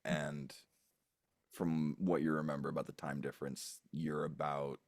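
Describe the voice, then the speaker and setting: A man narrating as game master in a tabletop game, unhurried and wry. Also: a bass voice, little pitch movement, dry recording, clean studio sound.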